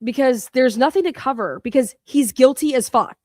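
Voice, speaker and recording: A woman's voice: high voice, normal speed, a little mellow, no echo, studio quality. A woman co-hosting a commentary show, talking bluntly and with open scorn. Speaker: co-host. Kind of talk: profane commentary.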